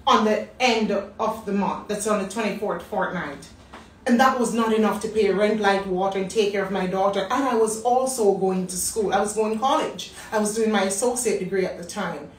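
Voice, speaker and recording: A woman in her thirties with a Jamaican accent, telling a personal story in a lively way and acting out what people said. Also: mid-range voice, a little hiss or hum. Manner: animated storyteller acting out quotes. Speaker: business talk host. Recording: roomy, distant mic.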